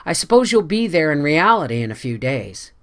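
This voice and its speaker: A reader voicing an earnest young man in an audiobook, speaking quietly and steadily. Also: mid-range voice, sing-song, a little fast. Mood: friendly. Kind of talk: audiobook character voice.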